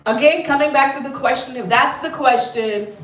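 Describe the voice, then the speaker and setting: A woman telling a story to a group of children, animated and full of questions to her listeners, heard in an echoey room away from the mic. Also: high-pitched, moderate pace, far from the mic. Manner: animated, asks the audience questions. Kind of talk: live storytelling class.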